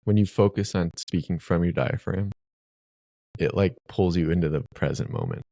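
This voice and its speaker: A man co-hosts a podcast and hands out advice in a loose, filler-heavy way. His voice is very low and dark with a gravelly texture. The room sounds dry. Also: normal speed, no room sound. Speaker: podcast co-host, dating coach. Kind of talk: casual podcast chat.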